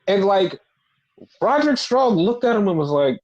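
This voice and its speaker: A man talks casually as a podcast co-host, his pitch swinging widely and sitting fairly high. He swears freely and acts out quoted lines in exaggerated mocking voices. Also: sing-song, moderate pace, a little mellow, lo-fi sound. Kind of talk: casual chat.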